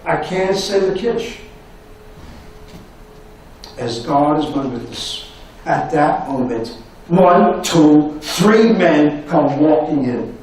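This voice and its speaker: An older man giving a university lecture, telling stories in an animated way and repeating his phrases. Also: on the high side, unhurried, distant mic, a little hiss or hum. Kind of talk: anecdotal lecture storytelling. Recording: echoey room recorded from afar.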